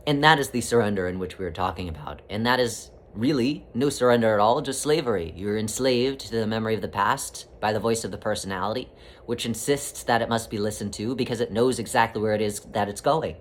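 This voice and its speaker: A man giving a spiritual talk, speaking as a collective "we" in a flowing, repetitive, gently teasing way. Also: on the low side, brisk, slight background noise. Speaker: spiritual teacher.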